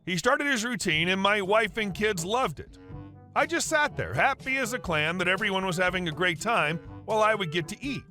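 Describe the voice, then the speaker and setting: A man with a high, bright voice reads stories aloud in a brisk, even, scripted way. Soft music sits faintly beneath him. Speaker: narrator of reddit stories. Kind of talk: scripted story narration.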